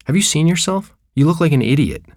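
A man's voice: a little high, animated, quick pace, a little mellow, dry recording, studio quality, pitched above the performer's own voice. A man reading a story voices an exasperated middle-aged mother who scolds her son bluntly. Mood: scolding.

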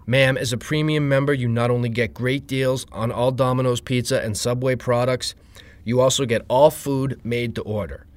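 A man reading a story, voicing a young saleswoman who stays upbeat and keeps pitching. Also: fairly even intonation, moderate pace, no room sound, lightly acted. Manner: perky sales pitch, raised pitch.

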